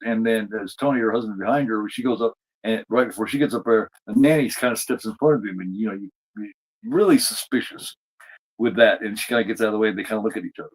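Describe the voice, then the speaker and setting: A man's voice: lowish voice, low-quality recording. Rambling man recapping an episode. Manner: rambling, many fillers and restarts. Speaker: podcast co-host reviewing a TV episode.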